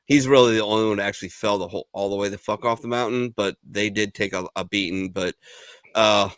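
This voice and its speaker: A man's voice: on the low side, fairly even intonation, fast, a bit bright, clean tone, dry recording, studio quality. A man hosting a casual veterans' talk show, rambling and swearing freely, a little tipsy. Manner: loose, rambling, profane storytelling. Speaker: podcast host. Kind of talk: casual chat.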